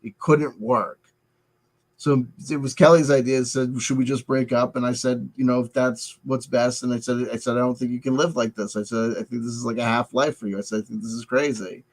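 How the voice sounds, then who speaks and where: A middle-aged man talking through a personal confession in a halting, rambling way, full of restarts and filler words, wearing headphones. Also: mid-range voice, little pitch movement, low-quality recording. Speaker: vlogger. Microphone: headset headphones.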